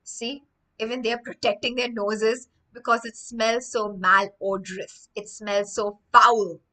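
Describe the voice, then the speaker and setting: A woman teacher reading a story aloud to children, stopping often to explain words with animated, emphatic delivery. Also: on the high side, measured pace, poor audio.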